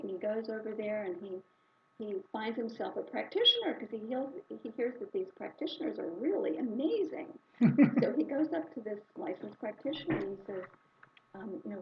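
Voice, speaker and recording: A woman telling a story during a spiritual service in an animated, conversational way. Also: medium pitch. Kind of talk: sermon storytelling. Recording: slightly dull recording with faint hiss.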